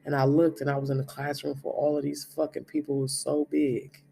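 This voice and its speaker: A man's voice: a little high, monotone, brisk, creaky, warm tone, a little hiss or hum. A man in his thirties, a spiritual reader, giving a blunt, profane, emphatic monologue. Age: 30s.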